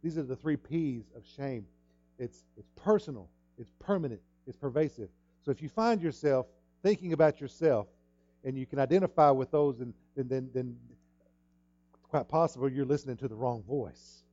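A man preaching a sermon in an emphatic way, repeating words and jumping up loud at key points. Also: mid-range voice, normal speed, muffled recording. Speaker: pastor.

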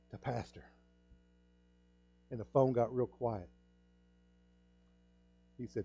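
A man's voice: mid-range voice, steady tone, takes it slowly, pauses often, warm tone, dry recording, lo-fi sound, faint music behind. A middle-aged male pastor preaching a sermon, telling a personal story with earnest repetition and acting out the voices in it. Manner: earnest storytelling, repeats himself, acts out quoted dialogue.

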